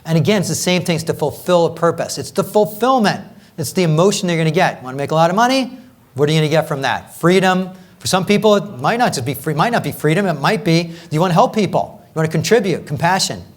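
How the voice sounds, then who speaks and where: A man's voice: fairly high pitch, animated, quick pace. A man leading a live coaching workshop, talking energetically and conversationally, often checking in with "right?" and repeating phrases for emphasis.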